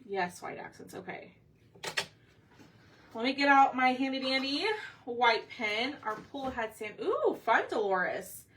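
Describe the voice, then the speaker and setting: A chatty woman talks casually to viewers while she paints. Her voice is fairly high and bright, picked up a little off-mic, with faint room noise behind her. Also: animated, unhurried, recorded from a distance. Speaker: craft livestream host. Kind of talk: casual live craft chat.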